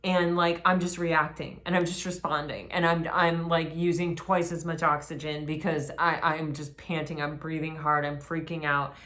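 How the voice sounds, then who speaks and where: Low-voiced woman giving a casual tarot reading. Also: normal speed, few pauses. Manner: chatty, rambling, restarts and exclaims excitedly. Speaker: tarot reader.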